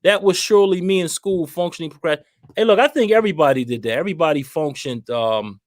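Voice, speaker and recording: Laid-back male host, fairly high voice, dry close mic, chatty and easygoing. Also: quick pace, no echo. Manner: laid-back, laughs easily. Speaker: host reading viewer comments. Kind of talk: casual live-stream chat.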